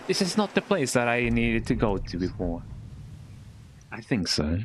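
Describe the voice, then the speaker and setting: A man's voice: medium pitch, big pitch swings, unhurried, noisy background. A man streaming a game, rambling and joking in casual commentary and tagging lines with "eh?". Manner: rambling, jokey, with tag-question "eh?". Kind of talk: casual live-stream commentary while playing. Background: game music.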